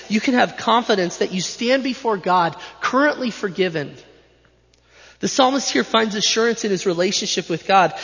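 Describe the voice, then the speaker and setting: A man's voice: sits high, fairly bright tone. Man preaching in an echoing hall. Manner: emphatic, repetitive preaching cadence. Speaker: pastor. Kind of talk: sermon. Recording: dull sound with long hall reverb.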